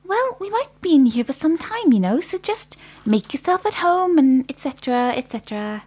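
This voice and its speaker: A woman's voice: sits high, sing-song, moderate pace, darkish tone. A woman playing Pat, a chirpy, deferential female detective.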